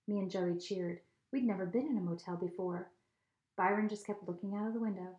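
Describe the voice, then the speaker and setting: A woman reading a children's novel aloud at home, with steady, expressive storytelling. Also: medium pitch, fairly quick. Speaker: reader. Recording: echoey room.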